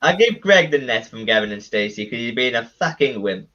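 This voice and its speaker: A man's voice: mid-range voice, animated, a little fast, bright, forceful tone, muffled recording. A man hosting a casual online game show, camp and teasing, swearing freely and calling the others darling. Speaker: host.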